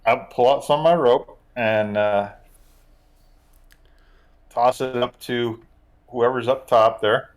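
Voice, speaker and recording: A man's voice: medium pitch, fairly even intonation, takes it slowly, long pauses. A man playing a tabletop game, laid-back with short answers. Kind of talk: casual game talk.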